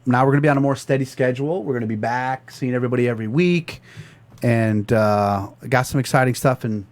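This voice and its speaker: A man's voice: mid-range voice, a little mellow. A man hosting a podcast in casual chat, loose and joking, swearing freely. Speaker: podcast host.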